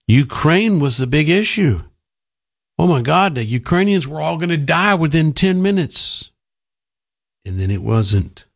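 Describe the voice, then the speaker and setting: A man's voice: fairly high pitch, very animated, a little slow, gravelly. A man hosting a talk radio show, giving sarcastic, opinionated commentary. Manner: sarcastic, mocking.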